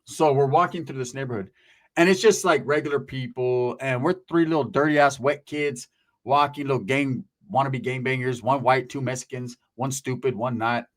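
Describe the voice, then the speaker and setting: A man telling a story in casual chat, animated and profane, full of street slang and shouted sound effects. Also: medium pitch, normal speed.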